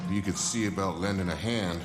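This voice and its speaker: A calm, measured small-town pastor from a video game, played by an actor. His voice is very deep, with a roomy echo around it. Loud game music plays behind him. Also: lightly acted.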